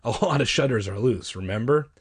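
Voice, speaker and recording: A man voicing a frightened young girl who pleads anxiously while sneaking through a dark house, in a read-aloud storybook. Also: medium pitch, expressive, fairly quick, slightly rough, dry recording, studio quality.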